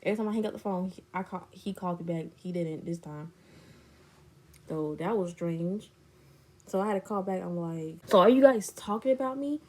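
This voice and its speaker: A woman's voice: fairly low pitch, steady tone, normal speed, long pauses, warm tone. Indignant young woman telling a story. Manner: blunt, indignant, slangy retelling. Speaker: storytime vlogger. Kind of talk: storytime chat.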